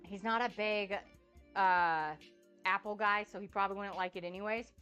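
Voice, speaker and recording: Bright-voiced woman gushing over food on stream. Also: mid-range voice, fairly even intonation, normal speed, smooth, muffled recording, soft background music. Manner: gushing, effusive and chatty, tasting food as she talks. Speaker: cooking streamer. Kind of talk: casual cook-along livestream chat.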